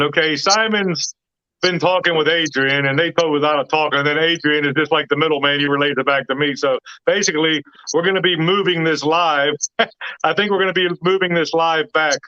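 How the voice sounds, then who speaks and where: A man's voice: on the high side, fairly even intonation, normal speed, bright, forceful tone, dry recording. A man hosting a casual chat, often restarting and repeating himself to make his point. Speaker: host. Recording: dull lo-fi dry audio.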